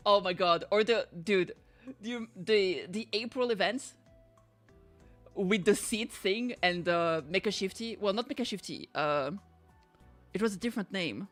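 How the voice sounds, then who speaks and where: A young woman streaming a game, chatting excitably, giggling and swearing freely. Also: mid-range voice, unhurried, soft background music. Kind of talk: casual gameplay commentary.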